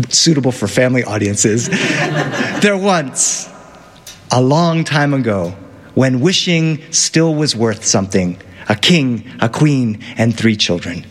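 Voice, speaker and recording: A man telling a fairy tale to an audience in a playful, animated way, with asides to the listeners. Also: medium pitch, long reverb tail. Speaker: storyteller. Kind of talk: live storytelling to an audience.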